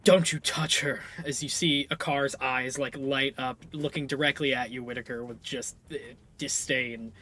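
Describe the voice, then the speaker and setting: A man's voice: mid-range voice, flat delivery, normal speed, few pauses, pushed and bright. A man narrating as game master of a tabletop game, rambling and correcting himself as he goes.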